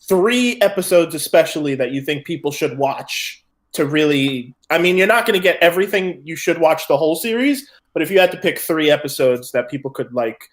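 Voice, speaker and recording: A man's voice: a little high, expressive, fairly quick. Easygoing man asking questions. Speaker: guest on group call. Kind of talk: casual group call chat.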